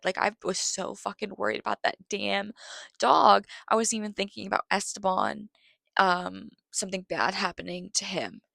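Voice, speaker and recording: A woman's voice: mid-range voice, gravelly, a bit bright, no echo. A woman giving a casual spoken film review, chatty and swearing freely, getting worked up as she retells tense scenes.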